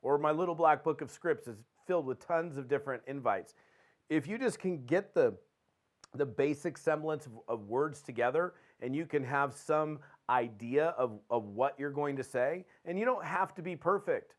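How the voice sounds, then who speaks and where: Male host, fairly high voice, punchy motivational delivery that acts out calls. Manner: animated, acts out phone calls with quick dialogue. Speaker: podcast host and network marketing trainer. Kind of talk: energetic motivational talk.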